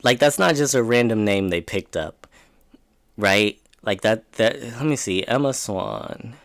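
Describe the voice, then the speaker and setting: A man's voice: on the low side, animated, measured pace, gravelly. A man hosting a solo podcast, ranting in a profane, rambling, exasperated way, trailing off and restarting mid-sentence. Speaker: podcast host.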